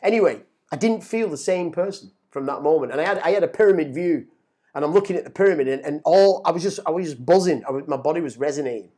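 Excitable storyteller man. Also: on the high side, quick pace. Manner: animated, swearing, repeats words when excited. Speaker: guest. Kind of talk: casual storytelling.

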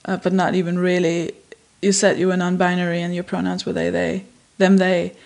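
A woman from Denmark with a Danish accent, hosting a podcast in casual chat, frank and quick to laugh. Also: fairly low pitch, creaky. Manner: lively, frank, laughs easily. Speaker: podcast host.

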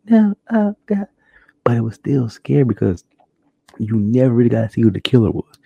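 A man's voice: gravelly, husky, no echo. A man hosting a casual solo podcast, telling stories animatedly and acting out shocked reactions. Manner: animated storytelling, acts out shocked reactions in high voice. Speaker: podcast host. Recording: dull lo-fi dry home recording.

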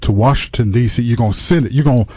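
A man's voice: medium pitch, quick pace, warm tone, slightly rough, no room sound. A man hosting a comedic chat, teasing and incredulous, steering the talk. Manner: teasing, incredulous, takes charge. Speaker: host. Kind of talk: comedic banter.

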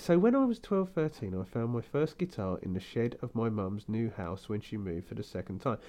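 A man's voice: lowish voice, lively intonation, a little fast, few pauses, dark tone. A man co-hosting a podcast in casual chat, rambling, laughing often and now and then slipping into camp put-on voices. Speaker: podcast co-host.

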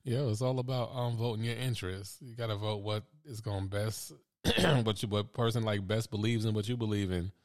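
Laid-back low-voiced man chatting. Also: steady tone, brisk, slight background noise. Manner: laid-back, laughing, profane storytelling. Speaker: podcast co-host. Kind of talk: casual chat.

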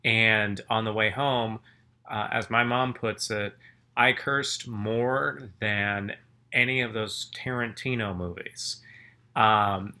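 In a lowish, bright and forceful voice with a steady tone, a man speaks slowly as a podcast co-host. He's groggy after napping, rambles through stories in casual conversation, and often breaks off to restart what he's saying.

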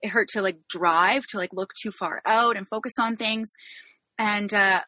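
A woman in casual conversation, telling a story with lively delivery and acting out the people in it. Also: mid-range voice, moderate pace, no room sound, clean studio sound. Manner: animated storyteller, acts out quoted voices.

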